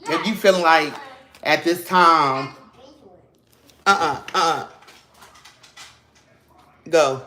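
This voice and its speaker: A man's voice: a little high, slow pace, bright, forceful tone, slight background noise. A man giving a casual spiritual tarot reading to his viewers. He is emphatic and preachy, curses freely and calls them "baby" and "y'all". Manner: emphatic, preachy and encouraging, with cursing slang. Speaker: tarot reader.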